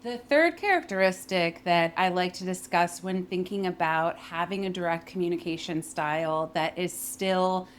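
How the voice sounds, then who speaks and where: A young adult woman speaks as a voice and communication coach, her voice sitting a little on the low side. She explains clearly and with emphasis, shaping her pitch and phrasing as she models what she teaches. A faint background noise stays under her voice. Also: moderate pace, hardly any pauses. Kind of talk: instructional talk with spoken demonstrations.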